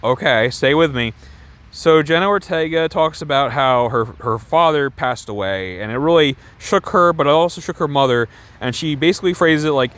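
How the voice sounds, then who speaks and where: A man's voice: a little high, animated, moderate pace, a bit bright. A man ranting casually about a movie, rambling with lots of "like" and sarcastic swearing. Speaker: movie reviewer. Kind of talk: casual film review rant.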